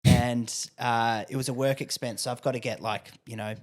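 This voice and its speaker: A man's voice: medium pitch, steady tone, moderate pace. A young Australian man co-hosting a podcast, swearing and laughing as he chats casually. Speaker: podcast co-host. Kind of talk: casual chat.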